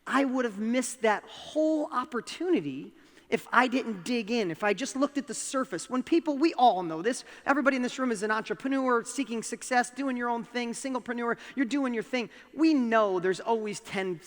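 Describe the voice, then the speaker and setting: Man, high voice, motivational speaker, animated storyteller, reverberant hall. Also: moderate pace. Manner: animated storytelling, questions the audience directly. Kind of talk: motivational talk to a live audience. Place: stage in a large hall.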